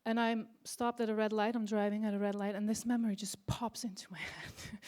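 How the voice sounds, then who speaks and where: A woman in her forties with an Icelandic accent, performing a stand-up routine on a convention stage with deadpan storytelling. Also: mid-range voice, a little fast, few pauses. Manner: deadpan storytelling with exaggerated quoted voices. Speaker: stand-up comedian. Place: convention stage before an audience.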